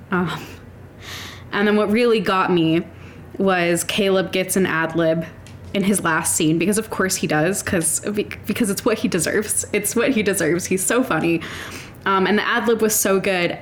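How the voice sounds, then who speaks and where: A woman's voice: medium pitch, normal speed, slight background noise. A woman who edits and produces a podcast, recording a personal voice memo at home with her cats nearby. She is tearful and emotional, laughing through tears and swearing now and then.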